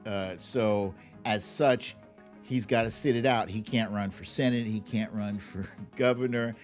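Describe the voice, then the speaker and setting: A man with a lowish voice hosts a livestream, chatting casually about politics at a measured pace and in a steady tone. He laughs often and drawls whenever he mocks something, with soft music playing in the background.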